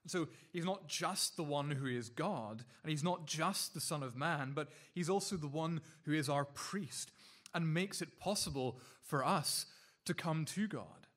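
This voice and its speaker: A man's voice: fairly high pitch, measured pace, fairly bright tone. Earnest man preaching a sermon. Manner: earnest, with many repeated words and restarts.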